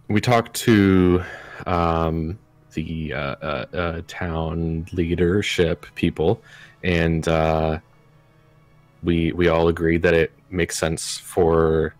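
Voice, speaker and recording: A man speaking as a player in a tabletop game, halting and casual with many fillers. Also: low-pitched, dry recording. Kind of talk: tabletop game role-play.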